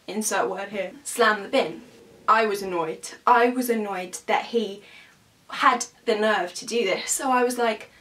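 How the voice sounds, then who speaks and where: A woman's voice: on the high side, a bit bright, recorded from a distance. A young woman, a student telling an agitated, emphatic story in a storytime vlog. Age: young adult. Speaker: student vlogger.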